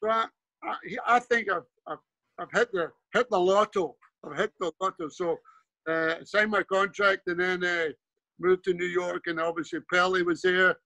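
Older Scottish man, high bright voice, dry close sound, rambling stories, casual interview guest. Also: fairly even intonation, moderate pace, dry recording, low-quality recording. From Scotland. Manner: rambling anecdotes with frequent restarts and "you know". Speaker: guest, former pro player and coach.

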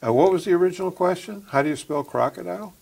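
Male guest from suburban Chicago; gravelly, hesitant, plain-spoken. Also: high-pitched, fast talker, darkish tone. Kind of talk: casual chat.

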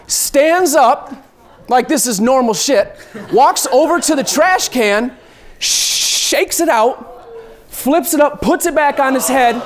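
A man telling a personal travel story, acting out scenes with lively shifts and the occasional swear word. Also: very high-pitched.

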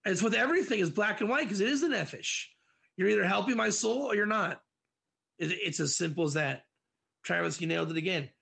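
A male teacher whose voice sits high and bright, with a gravelly fry running under it. He leads an interactive class on Proverbs, acting out little scenes and answering students by name. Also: brisk. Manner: animated, dramatizes examples, answers students by name. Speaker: Torah teacher.

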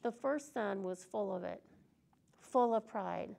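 A woman's voice: medium pitch, takes it slowly, vocal fry, a little mellow. A woman preaching an earnest, conversational sermon in a church service.

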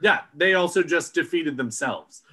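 A man's voice: fairly high pitch, lively intonation, moderate pace, pushed and bright. A man co-hosting a casual podcast, explaining ideas at length and swearing when amused. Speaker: podcast co-host. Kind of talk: casual chat.

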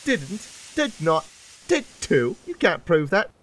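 A man's voice: fairly high pitch, very animated, pushed and bright, slight background noise, pitched above the performer's own voice. A man voicing a cheeky, cross young male twin tank engine in a storybook reading, talking in a snappish, huffy, argumentative way. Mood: bickering. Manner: snappish, huffy, quick to argue. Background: music.

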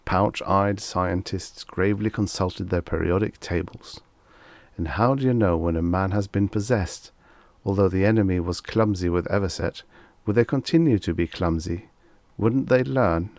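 Male audiobook narrator, low and gravelly, measured dramatic delivery, dry close mic. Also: darkish tone, no echo. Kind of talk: scripted narration of vintage science fiction.

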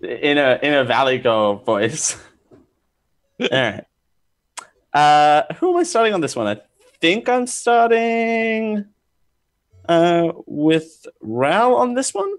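A man's voice: on the high side, big pitch swings, slow, long pauses. A man hosting a casual podcast quiz, joking with the crew and reading out questions with some stumbles. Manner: joking, laughs often, stumbles over reading. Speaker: podcast host running a quiz.

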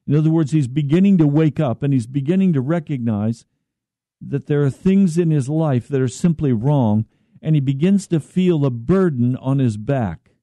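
A man preaching a slow, earnest radio sermon as pastor, at times pleading in prayer. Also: on the high side, lively intonation, warm tone, no room sound.

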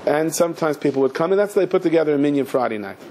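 A rabbi telling a story in a sermon, lively, moving between narration and acting out the characters. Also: male voice, a little high, racing, slight background noise. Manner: animated, acts out the characters in a story.

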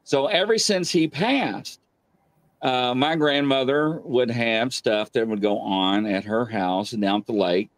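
A man's voice: medium pitch, unhurried, dry recording. A middle-aged man, casually telling a ghost story and acting out the voices. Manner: animated, acts out quotes loudly. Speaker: guest telling paranormal experiences.

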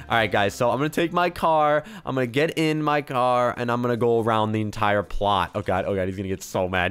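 A young man giving excited gameplay commentary as a video host, jumping between hushed muttering and sudden shouts. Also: medium pitch, fast talker, few pauses, smooth, faint music behind. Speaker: gaming YouTuber.

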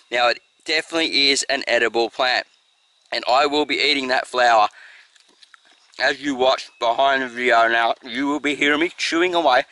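Bright-voiced Australian man showing his garden. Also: medium pitch, no room sound, poor audio. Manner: enthusiastic, chatty, addresses viewers as friends. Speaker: gardening channel host. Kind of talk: casual how-to garden vlog.

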